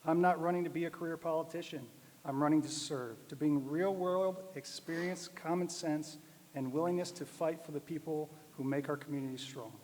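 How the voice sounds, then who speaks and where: Male candidate, raised pitch, earnest, hall reverb. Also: fairly even intonation, normal speed, darkish tone. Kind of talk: closing statement speech.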